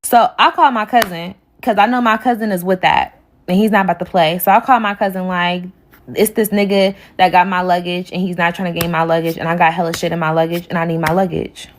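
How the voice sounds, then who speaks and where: A young woman telling a casual storytime, heated and profane, acting out what others said in her retelling. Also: mid-range voice. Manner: heated, profane retelling that acts out quoted dialogue.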